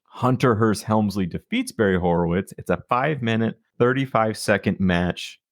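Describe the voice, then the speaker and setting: Man, podcast co-host, casual chat, wry, lowish voice, dry close sound. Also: normal speed, no echo.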